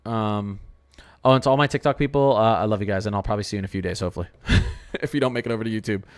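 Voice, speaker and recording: A man hosting a casual weather livestream, talking to his chat in an excitable, rambling way with lots of exclamations. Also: lowish voice, very fast.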